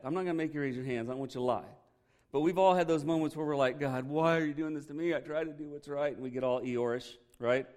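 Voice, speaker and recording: A man preaching a sermon as pastor in a loose, conversational way, joking and asking the congregation questions. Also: fairly high pitch.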